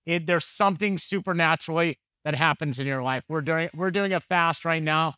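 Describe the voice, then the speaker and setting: A man's voice: on the high side, moderate pace, pushed and bright, no echo, studio quality. A man preaching a conversational sermon, telling candid, jokey stories and acting out the dialogue. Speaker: pastor.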